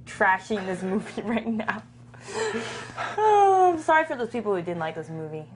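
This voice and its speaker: A woman's voice: mid-range voice, very animated, a little fast, a crowd in the background. A young adult woman co-hosting a podcast, casually and candidly reviewing a movie and laughing as she criticizes it. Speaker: podcast co-host.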